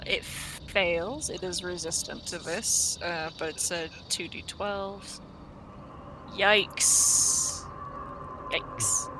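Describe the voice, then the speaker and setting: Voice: mid-range voice, background noise. A game master running a tabletop game with short, matter-of-fact rulings.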